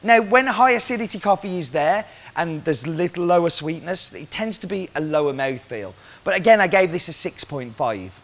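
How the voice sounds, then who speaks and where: Lively coffee-roaster man explaining. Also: a little high, normal speed, hardly any pauses. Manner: explanatory, poses rhetorical questions to viewers.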